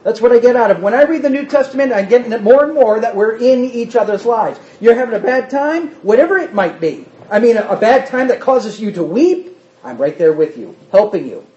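Man, conversational sermon, high voice, very animated, muffled recording. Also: fairly quick. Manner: animated, talks with the congregation, reads scripture aloud. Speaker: pastor or Bible teacher.

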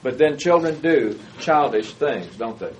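A man's voice: mid-range voice, animated, measured pace, highs cut off, slight background noise. A man preaching a sermon in a conversational way, often putting questions to his listeners. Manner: conversational, asks the audience questions.

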